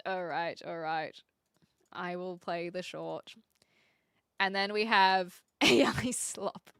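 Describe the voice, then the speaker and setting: Brief: Kiwi woman streamer, bright and giggly, posh-tinged, dry close sound. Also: on the low side, steady tone, takes it slowly, clear, resonant tone, no room sound. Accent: New Zealand, mixed and posh-leaning. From New Zealand. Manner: playful, giggly, self-mocking. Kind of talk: casual live-stream chat.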